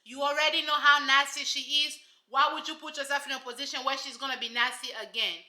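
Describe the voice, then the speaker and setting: A woman's voice: high voice, fairly even intonation, fast, pushed and bright, reverberant. A woman giving casual, sassy commentary on a reality show, emphatic and full of rhetorical asides.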